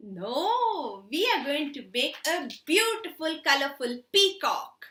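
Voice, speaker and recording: A woman's voice: sits high, sing-song, takes it slowly, sharp tone. A woman teaching a children's hobby class, telling a story and then leading a craft, coaxing the kids with questions. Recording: roomy echo.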